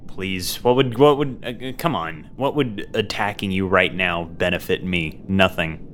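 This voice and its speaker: A man's voice: sits low, measured pace, fairly bright tone, a little hiss or hum. Wisecracking man playing a tabletop game. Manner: wisecracking, rambling. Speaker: player. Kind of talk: casual tabletop play.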